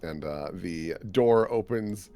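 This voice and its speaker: A man's voice: low voice, expressive, slow pace, warm tone, faint music behind. A man narrating a tabletop game as game master, in a casual, rambling way, full of fillers and laughter.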